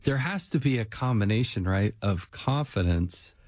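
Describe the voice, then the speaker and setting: A middle-aged man hosts a relaxed conversation in a fairly low voice. He is measured and reflective, weighing his words as he goes. The recording is dry and close, with no room sound. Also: no room sound. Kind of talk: casual conversation.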